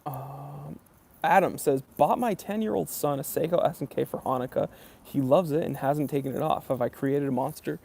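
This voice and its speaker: A man's voice: on the high side, normal speed, gravelly, a little mellow, breathy edge. A man hosting a casual live stream about watches, reading viewers' chat comments aloud and answering them in an easygoing, rambling way full of ums and uhs. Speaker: watch channel host.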